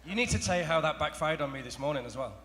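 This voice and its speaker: Fast-talking man joking on stage. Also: a little high, animated, crowd noise. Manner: quick, jokey, self-deprecating. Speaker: co-presenter. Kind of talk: casual on-stage banter. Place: conference stage. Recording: echoey hall with faint room noise.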